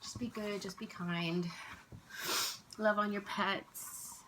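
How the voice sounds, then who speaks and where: A woman vlogger, tearful and emotional, speaking softly and haltingly in casual chat at home. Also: mid-range voice, steady tone, a little hiss or hum, low-quality recording. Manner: soft-spoken, halting, with restarts and sighs.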